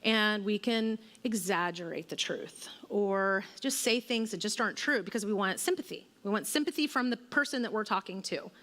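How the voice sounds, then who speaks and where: Brief: woman, 40s, mid-pitched, casual church teacher, lingering hall reverb. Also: moderate pace, few pauses, fairly bright tone. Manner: conversational, relatable, with personal anecdotes and fillers. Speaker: women's ministry speaker.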